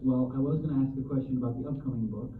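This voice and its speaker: A man in a convention audience asking a hesitant, halting question. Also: mid-range voice, steady tone, background noise. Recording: distant, tinny, echoey hall audio.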